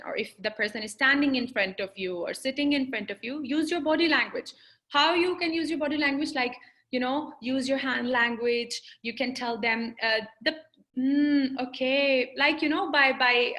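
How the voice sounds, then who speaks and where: A woman's voice: on the high side, bright, forceful tone. A woman counselling English learners in a webinar, chatty and full of fillers, on a video call. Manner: conversational, many fillers and restarts. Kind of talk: webinar teaching with Q&A.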